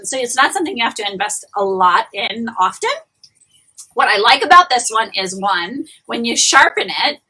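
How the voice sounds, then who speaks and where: A woman's voice: on the high side, bright, forceful tone, husky, low-quality recording. A woman, chatting casually through a live-streamed beauty tutorial, confiding and full of restarts. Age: 40s. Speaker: beauty vlogger and shop owner. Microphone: phone or camera close up, live stream.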